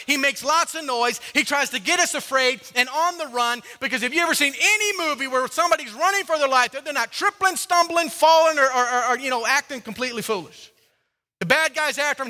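High, bright-voiced preaching man. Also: big-room sound. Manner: preaching with rising and falling intensity, repeating phrases. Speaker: pastor. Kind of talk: sermon. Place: church sanctuary.

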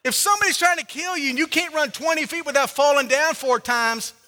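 A man preaching a sermon as pastor, repeating his key phrases and swinging between loud urging and quiet appeals. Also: very high-pitched, fairly quick, in a large hall. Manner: preaching with rising and falling intensity, repeating phrases. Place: church sanctuary.

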